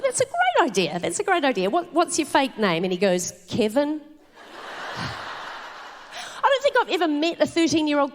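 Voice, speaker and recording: Animated New Zealand woman telling stand-up stories. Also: sits high, a little hiss or hum. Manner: animated storytelling with swearing and laughter. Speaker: stand-up comedian. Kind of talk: live stand-up set. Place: theatre stage before a live audience.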